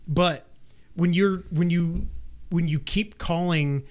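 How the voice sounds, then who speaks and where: A man on a podcast in casual chat, rambling and animated with lots of filler words. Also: on the high side, slow. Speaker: podcast co-host. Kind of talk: casual podcast chat about games and wrestling.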